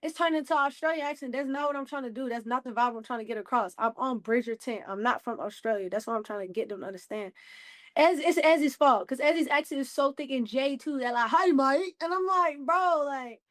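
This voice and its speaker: Young woman, pro basketball rookie, fast talker, high voice, slangy and lively, dry close sound. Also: no room sound. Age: 20s. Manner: lively, laughing, slangy, lots of "you know what I'm saying". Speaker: rookie basketball player, interview guest. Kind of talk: casual interview answers.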